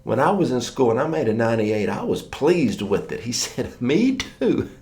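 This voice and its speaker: A man preaches a morning sermon in a relaxed, storytelling way. His voice sits at a middle pitch, and he slips into the voices of the people in his stories. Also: moderate pace. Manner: conversational storytelling, acts out quoted voices.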